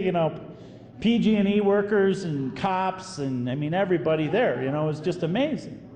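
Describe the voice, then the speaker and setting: A priest telling a story in a sermon, animated and acting out the voices of the people in it. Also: male voice, high voice, a little hiss or hum. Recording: echoey hall with faint room ambience.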